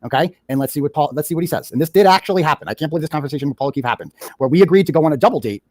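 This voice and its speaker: Fast-talking sarcastic man. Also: fairly high pitch, lively intonation, a little mellow, dry recording, studio quality. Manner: sarcastic, mocking retelling. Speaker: commentator reading his own text messages. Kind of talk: casual recap.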